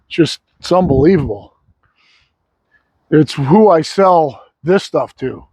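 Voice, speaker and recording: A man's voice: on the high side, lively intonation, slow pace, a little mellow, breathy edge, no echo, rough recording. A sawmill owner talking casually and bluntly, rambling and swearing freely while he shows off his wood. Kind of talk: casual vlog talk. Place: outdoor log yard.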